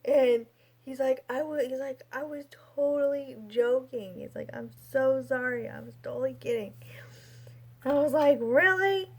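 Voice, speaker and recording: A woman's voice: sits high, fairly even intonation, normal speed, dark tone, slightly rough. A young woman in her twenties telling a personal story in a casual, rambling vlog style, full of fillers and restarts. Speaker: vlogger.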